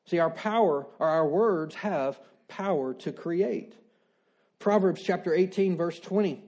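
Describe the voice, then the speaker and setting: A male pastor delivers a sermon in a relaxed, talky way. His voice sits a little high but stays soft and mellow. He keeps asking the congregation questions and restating his main points. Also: measured pace. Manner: conversational preaching with rhetorical questions and repeated declarations.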